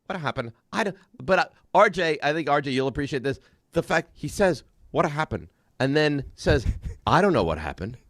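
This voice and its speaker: A man's voice: on the high side, very animated, normal speed, fairly bright tone, no echo, clean studio sound. A man co-hosting sports talk radio, bantering and teasing in a playful way. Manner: playful, repeats a catchphrase for laughs, reads live sponsor reads.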